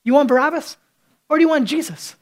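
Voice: high voice, fast, voice pushed up, close to an everyday voice, low-quality recording. Preacher doing a coaxing, taunting Roman governor. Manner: casual modern talk, coaxing then taunting. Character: Roman governor, middle-aged man, placating yet menacing.

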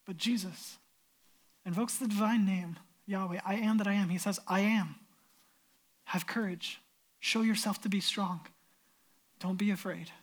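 A man's voice: sits high, steady tone, measured pace, pauses often. Earnest male pastor preaching. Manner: earnest, storytelling, emphatic. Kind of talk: sermon with scripture reading.

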